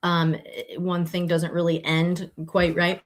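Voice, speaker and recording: A woman's voice: on the low side, level tone, slow pace. A woman hosting a podcast on a live stream, talking casually and rambling, with many fillers and self-corrections. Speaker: podcast host.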